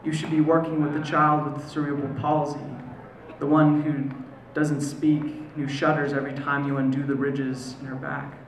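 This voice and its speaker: An American man performing a spoken word poem at a live event, with a measured, deliberate delivery and slow, lingering pauses. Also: a little high, little pitch movement. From United States. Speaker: poet. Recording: echoey room, faint ambient noise.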